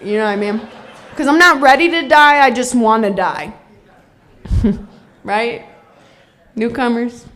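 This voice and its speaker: A woman's voice: fairly high pitch, a little slow, pauses often, a bit bright. A woman telling her own recovery story in a blunt, darkly funny way, swearing freely. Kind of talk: candid personal testimony.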